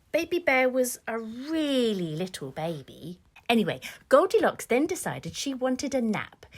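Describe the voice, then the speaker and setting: A woman's voice: a little high, husky. A woman telling a children's story in a patient, playful way, dodging the listener's questions. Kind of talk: storybook reading.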